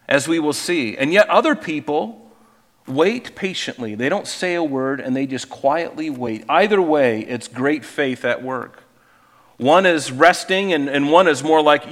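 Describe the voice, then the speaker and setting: A man's voice: medium pitch, long reverb tail. A man preaching a sermon as pastor, earnest and conversational, often repeating words as he searches for the next one.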